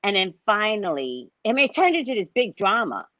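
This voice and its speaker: A woman hosting a casual chat over a video call, telling stories in an animated way and acting out what others said. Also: mid-range voice, a little fast, no room sound, dull audio. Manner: animated storyteller who acts out quotes. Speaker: host, psychic reader.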